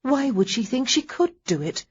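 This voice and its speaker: A woman voicing a spirited young lady in an audiobook, answering back with sharp, indignant retorts. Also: high voice, sing-song, normal speed, husky, dry recording, lo-fi sound, pitched above the performer's own voice, full character voice. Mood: searching.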